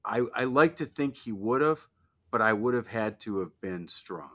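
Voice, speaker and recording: Male co-host, lowish voice with a bright, forceful edge, reflective, asks probing questions. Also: expressive, normal speed. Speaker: podcast co-host. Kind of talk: casual chat.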